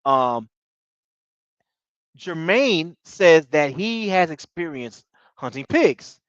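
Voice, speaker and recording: Lively high-voiced man recapping a show. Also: slow, no echo. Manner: animated, slangy, laughs often. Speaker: TV show reviewer. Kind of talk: casual recap chat. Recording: dull lo-fi dry audio.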